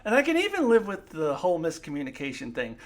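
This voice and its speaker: A woman's voice: on the low side, wildly swooping pitch, fast. Opinionated woman reviewing a show. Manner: opinionated, emphatic, gets loud when annoyed; frequent fillers and restarts. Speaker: TV episode reviewer. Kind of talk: solo video review.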